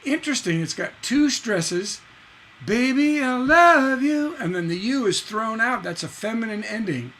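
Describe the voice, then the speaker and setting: A man's voice: sits high, animated, moderate pace, few pauses, fairly bright tone. A man teaching a live-streamed songwriting lesson, casually explaining lyric stresses, singing and humming lines and tapping out da-da rhythms to show them. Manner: explains casually, checks in with "right?" and answers chat. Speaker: songwriting instructor.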